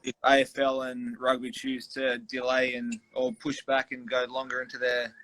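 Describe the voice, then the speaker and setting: A man's voice: medium pitch, moderate pace, no room sound, low-quality recording. Laid-back man. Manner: relaxed, laid-back, easygoing. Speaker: guest, professional basketballer. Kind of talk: casual interview chat. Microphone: video call.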